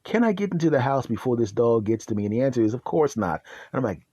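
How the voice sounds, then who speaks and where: A man hosting a podcast, telling a comic story in an animated, chuckling way. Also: mid-range voice, fast, slightly rough, dry recording. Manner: animated, laughing, self-deprecating. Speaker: podcast host. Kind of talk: comedic storytelling.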